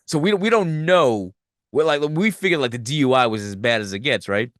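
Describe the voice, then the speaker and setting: A man hosting a podcast, giving a profane, animated movie review rant. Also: medium pitch, fairly quick, dry recording, clean studio sound. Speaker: podcast host.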